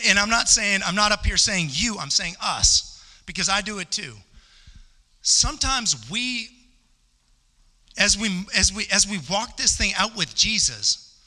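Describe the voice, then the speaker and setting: A man's voice: high-pitched, bright, forceful tone. Guy preaching a sermon, fired up and repeating himself for emphasis, voice ringing around a big church. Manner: impassioned, rising to emphatic peaks and repeating phrases. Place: church sanctuary. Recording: long church hall reverb.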